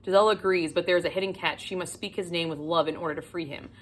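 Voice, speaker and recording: A woman chatting casually in a book haul vlog, gushing and excitable, swearing freely and swinging between loud squeals and whispers. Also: lowish voice, fast talker, slight background noise. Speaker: book vlogger.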